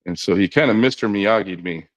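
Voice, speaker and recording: A middle-aged man, a podcast guest, telling a long personal story in a relaxed conversational way, quoting others in his own voice with frequent "you know" and restarts. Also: on the low side, fairly quick, dry recording. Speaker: podcast guest, former knuckleball pitcher.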